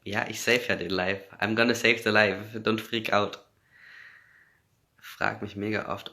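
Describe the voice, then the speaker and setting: Low gravelly man, casual livestream chat. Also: level tone, unhurried, long pauses, bright, forceful tone. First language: English. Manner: reads out comments, laughs often, switches between English and German. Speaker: actor answering fan comments. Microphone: phone.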